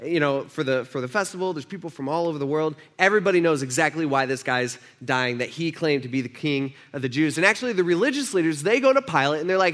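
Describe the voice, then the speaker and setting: A man's voice: on the high side, fast, hardly any pauses, fairly bright tone. A man preaching a conversational sermon, acting out the voices he quotes. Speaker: pastor.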